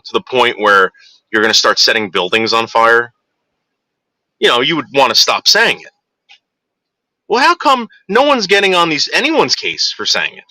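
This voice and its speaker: Heated ranting man, bright dry voice. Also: medium pitch, no echo. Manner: heated, profane, repetitive restarts. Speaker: vlogger. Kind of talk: ranting monologue to viewers.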